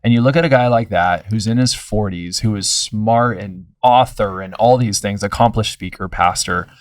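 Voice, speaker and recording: A man's voice: lowish voice, moderate pace, dry recording, far from the mic. A man in his thirties, a pastor, telling stories in an earnest, reflective way in a casual conversation. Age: 30s.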